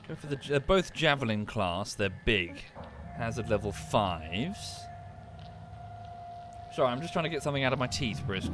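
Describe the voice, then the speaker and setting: A British man streaming a game, talking casually while he plays and rambling with lots of swearing and restarts. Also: medium pitch. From United Kingdom. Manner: rambling, sweary, self-interrupting. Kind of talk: casual gameplay commentary and chat. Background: music.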